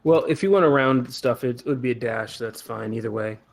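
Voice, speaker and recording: A man running a tabletop game as game master, giving relaxed rulings with a dry chuckle. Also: medium pitch, brisk.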